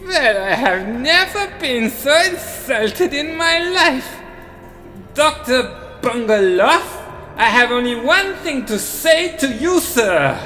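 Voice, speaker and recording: A man's voice: very high voice, very animated, takes it slowly, pushed and bright, long reverb tail, soft background music, full character voice. A man voicing a pompous Swiss male surgeon with a put-on Swiss accent, stiff and formal in speech. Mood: indignant. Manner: stiff and formal, then petty mockery.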